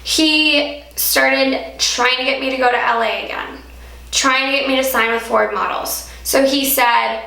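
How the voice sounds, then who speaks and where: Brief: young woman vlogger from Alaska, slightly high and gravelly, chatty story-time, echoey room. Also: fairly even intonation, a little slow, pushed and bright. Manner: chatty, heavy use of "like". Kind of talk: casual story-time monologue.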